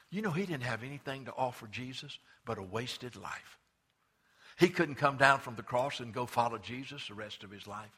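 A male pastor preaching an emphatic, conversational sermon, swinging between loud urging and hushed quiet, often repeating words as he restarts. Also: on the high side, normal speed.

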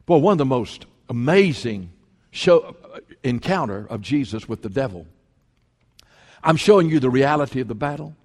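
A man's voice: medium pitch, a little mellow. A man preaching a sermon as pastor, emphatic and repeating his points for stress. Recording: long hall reverb.

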